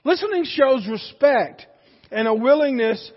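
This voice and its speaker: A man preaching a Sunday sermon, his voice pitched very high for a man. He tells homespun stories and builds to loud points of emphasis. The sound is dull and muffled, with long reverb from a church sanctuary. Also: lively intonation, unhurried, breathy edge. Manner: folksy storytelling preacher, rising to loud emphasis. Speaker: pastor.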